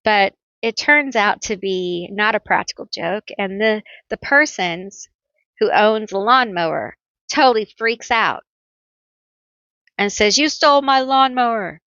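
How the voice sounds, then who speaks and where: A woman's voice: medium pitch, animated, slow pace, sharp tone, no echo, lo-fi sound. A woman giving a pick-a-card tarot reading, chatty and playful, telling stories with teasing nicknames.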